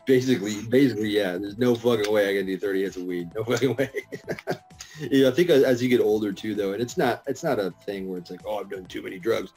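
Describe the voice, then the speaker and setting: A man's voice: lowish voice, fast, darkish tone, soft background music. A middle-aged man chatting as a podcast guest, telling stories full of swearing and laughter. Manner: profane, laughing storyteller. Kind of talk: casual podcast chat.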